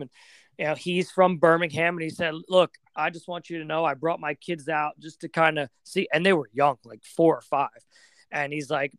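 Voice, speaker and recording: A young American man, a podcast guest, telling stories in a relaxed, rambling way with lots of fillers. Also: on the high side, clean tone, no room sound. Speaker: podcast guest, floorball player. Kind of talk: casual storytelling.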